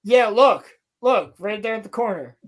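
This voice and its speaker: Animated, swearing woman recapping a show. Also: medium pitch, moderate pace. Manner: animated, profane storytelling. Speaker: podcast co-host. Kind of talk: casual chat recapping a TV episode.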